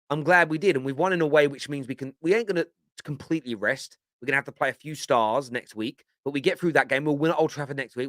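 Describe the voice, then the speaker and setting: A man's voice: medium pitch, sharp tone, no echo, clean studio sound. A man giving a passionate, emphatic fan reaction on a live football stream. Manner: passionate, emphatic, repeats himself. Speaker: fan channel pundit.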